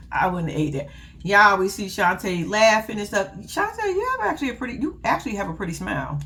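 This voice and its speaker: A young woman talks through a reality TV recap in a blunt, sassy way, full of laughing asides. Her pitch swings widely as she talks. A faint noise sits behind her voice. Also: big pitch swings, moderate pace, fairly bright tone. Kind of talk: casual recap commentary.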